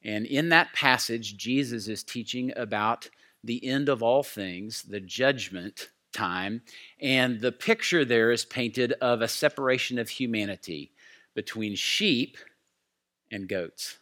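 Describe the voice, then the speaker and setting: A man's voice: mid-range voice, takes it slowly, sharp tone. A man preaching a sermon in an earnest, heartfelt storytelling way. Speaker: pastor.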